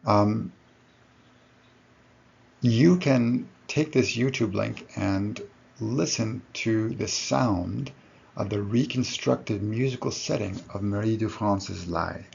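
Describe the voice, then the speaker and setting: A man's voice: lowish voice, slow, creaky, a little mellow, lo-fi sound, slight background noise. A man giving a recorded lecture to his students, explaining step by step and correcting himself as he goes.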